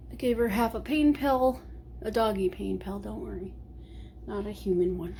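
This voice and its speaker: A woman's voice: medium pitch, steady tone, normal speed, warm tone, slight background noise. A woman chatting casually to the camera from home, rambling between topics and sometimes dropping to a whisper. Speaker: vlogger. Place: at home, working from home.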